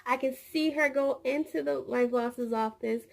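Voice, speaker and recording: Gravelly-voiced woman telling a rambling story. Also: sits high, moderate pace. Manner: rambling, repeats words, acts out quoted dialogue. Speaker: vlogger; childcare teacher. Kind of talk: casual storytelling vlog.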